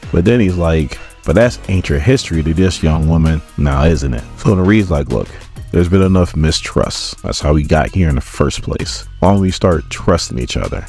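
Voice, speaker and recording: A man's voice: extremely low pitch, animated, normal speed, darkish tone, husky, faint music behind. A man giving a laid-back comic book recap, retelling the story and acting out the characters' lines as he goes.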